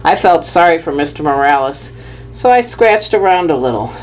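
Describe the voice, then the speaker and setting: Low-voiced woman reading a storybook. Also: rough recording. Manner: measured, lively first-person telling. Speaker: audiobook narrator. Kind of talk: scripted storybook narration.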